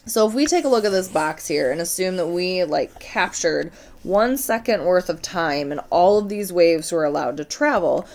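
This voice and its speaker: A woman's voice: lowish voice, darkish tone. A woman teaching a science lesson, talking casually and putting questions straight to her students. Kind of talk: recorded classroom lesson.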